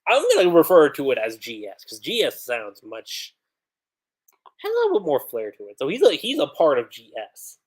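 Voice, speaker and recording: A man casually reviewing a comic chapter on a livestream, animated and chatty, with many fillers. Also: a little high, moderate pace, slightly rough.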